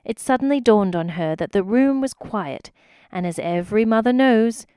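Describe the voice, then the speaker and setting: A woman narrating a children's storybook aloud in an expressive way. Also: fairly high pitch, normal speed, clear, resonant tone, no room sound. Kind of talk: storybook reading.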